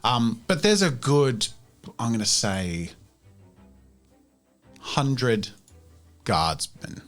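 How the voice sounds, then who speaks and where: A man's voice: medium pitch, sing-song, very slow, soft background music. A man narrating as game master in a casual, rambling way, full of fillers.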